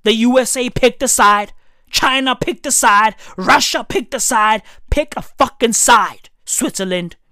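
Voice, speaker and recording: A woman's voice: fairly high pitch, unhurried, bright, forceful tone, no room sound, clean studio sound. A woman doing a profane comedic rant, heavy on slang, riffing and swearing constantly. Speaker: comedic commentator.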